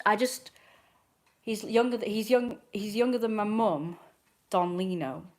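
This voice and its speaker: A woman chatting on a livestream, rambling and correcting herself as she goes. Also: on the low side. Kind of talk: casual livestream chat.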